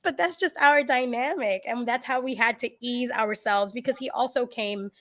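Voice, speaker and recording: A woman guest on a podcast telling stories in a casual, animated way, laughing often and acting out what people said. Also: a little high. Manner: animated, laughing, quick to act out quotes. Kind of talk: casual interview storytelling.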